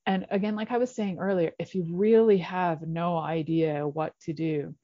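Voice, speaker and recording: Woman host, middle-aged, lowish voice, chatty and encouraging, dry slightly dull recording. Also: warm tone, dry recording. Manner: chatty and encouraging, playful asides. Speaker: radio show host. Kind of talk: casual solo talk show monologue.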